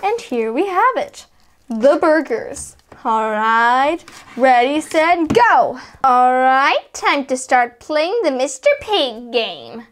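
A woman voicing little toddler girl dolls playing a board game, high and excitable, squealing when things go wrong. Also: takes it slowly, a little hiss or hum, heavily acted. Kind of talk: doll play narration.

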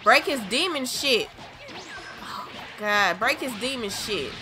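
A woman's voice: a little high, expressive, measured pace, music in the background. A young adult woman hosting a gaming channel, giving frustrated gameplay commentary full of swearing and exasperated outbursts.

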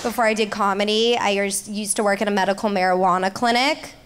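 A woman doing stand-up comedy, delivering deadpan one-liners. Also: medium pitch, fast, music in the background. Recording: live club with audience noise.

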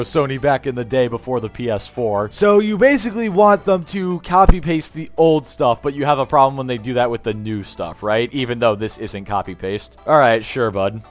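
Sarcastic man hosting a reaction video. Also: mid-range voice. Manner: sarcastic, mocking rebuttals. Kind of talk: reaction commentary.

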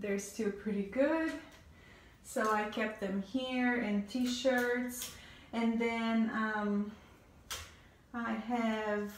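A woman's voice: on the high side, reverberant, distant mic, slight background noise. A heavily pregnant woman, a fashion stylist, giving a rambling casual tour of her closet, a bit out of breath, with many ums and restarts.

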